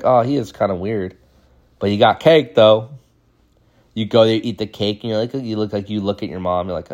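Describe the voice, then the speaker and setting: A young man from California telling rambling childhood stories on a podcast, jumping into high voices to act out what people said. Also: brisk, a little mellow. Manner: rambling, acts out quotes in high mimicking voices. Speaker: podcast host. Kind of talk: casual storytelling monologue.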